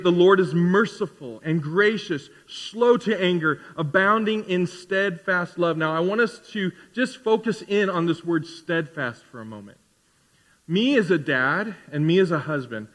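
A man in his forties preaching a sermon in a conversational, animated way, acting out little asides. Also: high-pitched, long reverb tail. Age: 40s. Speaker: pastor. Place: church sanctuary.

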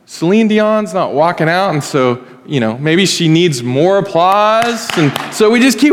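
Animated preacher in an echoing church hall. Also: male voice, fairly high pitch, normal speed, a little hiss or hum. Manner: conversational storytelling, acts out quoted voices. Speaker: pastor. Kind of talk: sermon. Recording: long reverb in a hall.

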